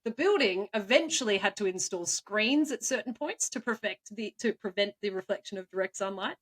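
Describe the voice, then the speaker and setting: A woman's voice: medium pitch, animated. Giggly woman telling stories. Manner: playful, laughs often, quick asides. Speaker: co-host, storyteller. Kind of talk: casual chat.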